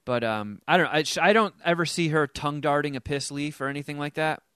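A man's voice: fairly high pitch, fast, fairly bright tone, clear, resonant tone, no room sound, clean studio sound. A man hosting a comedy podcast, reading out voicemails with crude, joking banter. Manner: crude, joking, laughs easily. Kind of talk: casual comedy podcast chat.

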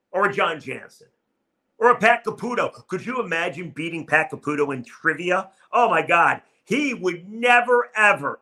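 A man's voice: sits high, sharp tone. A man hosting a solo sports podcast, reading listener comments in a wry, self-mocking way.

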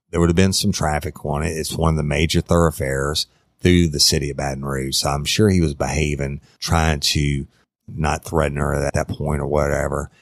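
Male true crime storyteller, very deep gravelly voice, dry close sound, folksy and conversational. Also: no echo. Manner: conversational, drawn-out, addresses listeners as y'all. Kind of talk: casual true crime narration.

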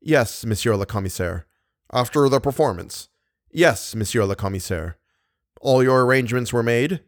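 A male narrator voicing an anxious, earnest young nobleman who answers softly. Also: medium pitch, normal speed, no echo, clean studio sound, lightly acted. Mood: subdued.

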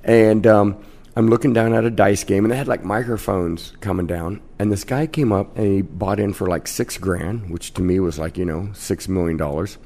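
A man in his fifties from Kansas, a casino host telling lively stories as a guest in a podcast interview. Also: fairly low pitch, normal speed, gravelly. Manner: brash, animated anecdote-teller.

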